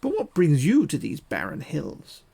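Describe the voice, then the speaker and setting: A hearty male hunter by a campfire, read aloud by a man, who speaks in formal, old-fashioned phrases. His voice sits slightly high and has a gravelly grain to it. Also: huge pitch swings, unhurried, dark tone, slight background noise, exaggerated voice. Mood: friendly. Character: jovial male hunter hailing a stranger.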